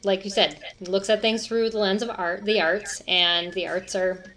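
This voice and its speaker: A woman's voice: medium pitch, fairly even intonation, moderate pace, fairly bright tone, slight background noise. A woman hosting a live-streamed interview, encouraging her guest with short affirmations and introducing resources to her viewers. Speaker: interview host.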